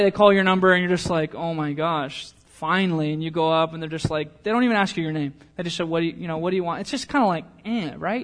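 A pastor preaching a sermon, mixing a casual, joking story with a softer, earnest appeal to the congregation. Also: male voice, on the high side, quick pace, hardly any pauses.

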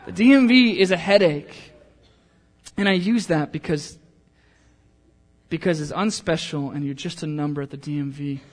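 Guy preaching, kinda high voice, chatty and joking, then earnest. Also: normal speed, pauses often. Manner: conversational storytelling with humor, then softer earnest appeal. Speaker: pastor. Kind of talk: sermon.

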